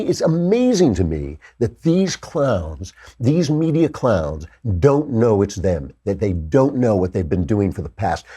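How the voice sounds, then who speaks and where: A man's voice: medium pitch, sing-song, a little slow, dark tone, breathy edge. A man hosting a political talk show, delivering a sarcastic, opinionated commentary monologue into a studio microphone. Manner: sarcastic, mocks opponents in exaggerated voices.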